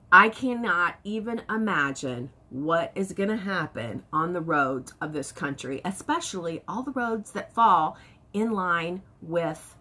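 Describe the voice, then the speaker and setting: A woman in her fifties chatting to camera in a casual vlog, telling stories with excitement. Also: mid-range voice, breathy edge. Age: 50s. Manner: excitable, animated storytelling with laughs. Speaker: vlogger.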